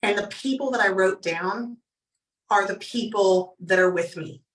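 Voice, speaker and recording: A woman from Canada in her thirties giving an energetic motivational talk, telling stories and acting out quotes. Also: mid-range voice, measured pace, roomy sound, far from the mic, low-quality recording. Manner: energetic, storytelling, acts out quotes. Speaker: motivational speaker.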